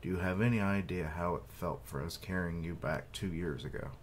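A man's voice: low voice, a little fast, a little hiss or hum, natural voice. A man reading a hurt, stern young woman. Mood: reproachful.

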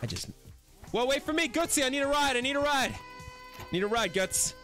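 A man's voice: very high voice, lively intonation, a little fast, bright, forceful tone, soft background music. A man live-streaming a VR shooter, bantering with his chat in a crude, playful way. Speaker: game streamer.

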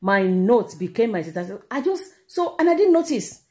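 A middle-aged Nigerian woman vlogging, telling a personal story in an animated, exclamatory way and repeating herself for emphasis. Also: a little high, brisk. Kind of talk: casual storytelling to camera.

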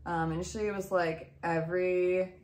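A woman in her thirties, a mother, telling her family's story in a casual, animated way and acting out the dialogue. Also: fairly low pitch, moderate pace, echoey room. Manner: emotional, animated retelling with quoted dialogue.

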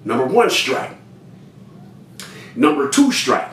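A man telling a story in an animated way, addressing his listeners directly and acting out other people's lines. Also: slow pace. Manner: talks straight to listeners, repeats cues to remember; acts out other people's lines with big pitch jumps. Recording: roomy sound from a distant mic with faint noise.

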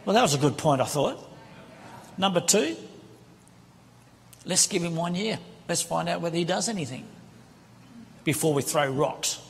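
A man's voice: fairly high pitch, animated, moderate pace, vocal fry, long pauses, slight background noise. A man preaching a sermon from the pulpit, with impassioned, conversational preaching on a handheld microphone. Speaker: guest preacher. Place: large church sanctuary. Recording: reverberant church hall with congregation.

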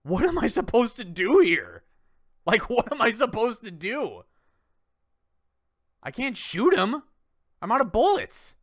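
A young man streaming a horror game, excitably swearing and yelling at what happens on screen. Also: very high voice, measured pace, long pauses. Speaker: gaming streamer. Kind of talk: horror game let's play. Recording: loud game music behind voice.

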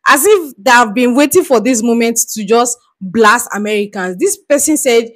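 A young Nigerian woman hosts a reaction video, commenting casually on street interview clips. Her voice is a little high, her pace moderate with hardly any pauses, and she keeps laughing and throwing in animated asides.

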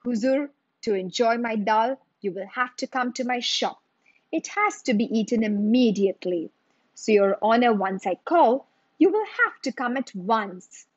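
A proud, stubborn cook who answers calmly and bluntly, acted by a woman reading a story. The reading is slow, with a dry, slightly muffled sound. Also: on the high side, slightly rough, dry recording. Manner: calm and blunt. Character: stubborn, proud middle-aged male cook.

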